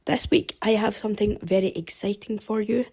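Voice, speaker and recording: A woman hosting a podcast intro, her voice croaky from being ill, upbeat in her delivery. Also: medium pitch, fairly even intonation, normal speed, a little mellow. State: croaky from illness. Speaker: podcast host. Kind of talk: scripted intro.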